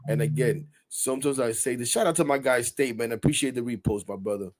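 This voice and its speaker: A middle-aged man hosting a casual sports podcast, talking in an animated, rambling way, swearing freely and getting heated. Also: mid-range voice, brisk. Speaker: podcast host.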